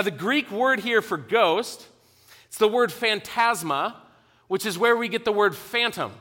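A man preaching a sermon to his congregation, animated at times and dropping to a quiet intensity at others. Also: high-pitched, long reverb tail. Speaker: pastor.

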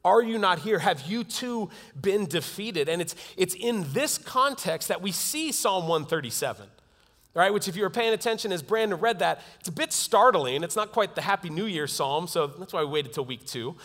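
Male pastor, slightly high voice, earnest sermon delivery, long hall reverb. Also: animated, moderate pace. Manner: earnest, swings from loud to hushed.

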